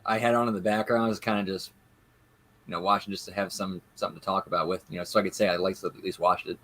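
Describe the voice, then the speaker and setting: A man co-hosting a casual podcast, speaking in a laid-back way and trailing off quietly. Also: deep voice, fairly even intonation, racing. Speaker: podcast co-host.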